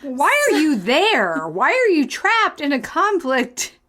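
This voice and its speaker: Woman podcast co-host, high voice, dry wry quips in casual chat. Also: wildly swooping pitch, takes it slowly, fairly bright tone.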